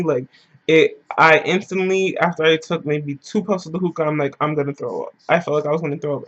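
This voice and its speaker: Slangy storytelling man, slightly high voice. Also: fairly bright tone, lo-fi sound. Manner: loose, slangy, rambling storytelling. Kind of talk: casual storytime vlog.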